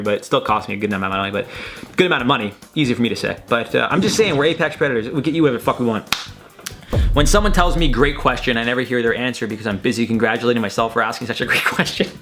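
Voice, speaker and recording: A man's voice: medium pitch, very fast, faint music behind. A young man hosting a tweet-reaction video in his room, rambling and swearing in a loose, joking way. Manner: animated, rambling, swearing, laughing at own jokes. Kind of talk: casual reaction commentary. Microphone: desk mic at his computer.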